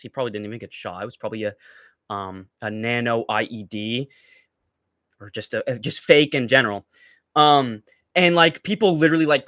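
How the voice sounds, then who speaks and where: A young man rants on his livestream, swearing freely and mocking the people he talks about. His voice sits a little high for a man. The sound is dry and close, with no room around it. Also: a bit bright, no echo. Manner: profane, heated, mocking. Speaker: livestream host. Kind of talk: ranting livestream commentary.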